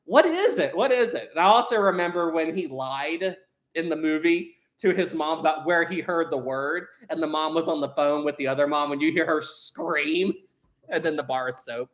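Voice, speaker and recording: A man's voice: a little high, a bit bright. A young man hosting a casual livestream, rambling and laughing often as he reads out chat messages. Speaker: livestream host. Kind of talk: casual live chat reading Super Chats.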